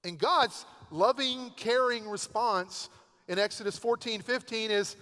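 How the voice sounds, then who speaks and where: Male pastor, high voice, chatty sermon storyteller, reverberant sanctuary. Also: a little slow, sharp tone. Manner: conversational, storytelling with asides. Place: church sanctuary. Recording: long church hall reverb.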